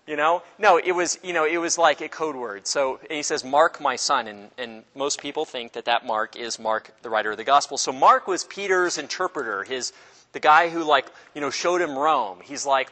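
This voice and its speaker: A man leads an informal Bible study in a large hall, and the room's long echo trails after each phrase. His voice is fairly high and bright. He keeps it lively, joking with the class and acting out the people in the stories. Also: normal speed. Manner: animated, jokey, acts out voices of people in the story.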